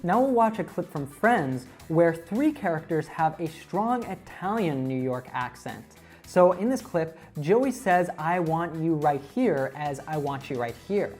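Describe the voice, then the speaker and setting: A woman presenting an online English lesson, explaining clearly and speaking directly to viewers. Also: low-pitched, sing-song, unhurried, hardly any pauses, a little mellow, faint music behind. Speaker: English teacher.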